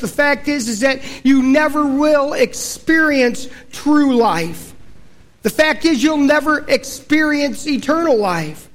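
High-voiced folksy preacher man. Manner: folksy storytelling preacher, dropping low and quiet for solemn points. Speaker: pastor. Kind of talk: sermon.

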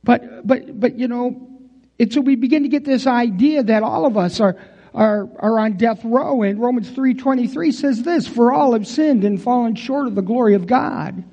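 A man's voice: extremely high pitch, moderate pace, dark tone, highs cut off. A pastor preaching a conversational sermon in a folksy way, talking straight to his congregation.

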